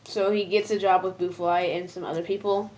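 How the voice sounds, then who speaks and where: A woman's voice: fairly low pitch, level tone, fairly quick, a little mellow. A woman casually reviewing cartoon episodes, rambling and hesitant, full of fillers, and laughing at herself as she gets easily moved.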